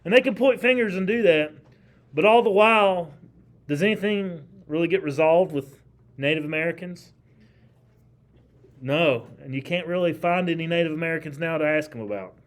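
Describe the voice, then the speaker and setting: Guy teaching history to a class, bit of a higher voice, keeps tossing questions at the students, chatty but emphatic. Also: moderate pace. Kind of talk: classroom lecture.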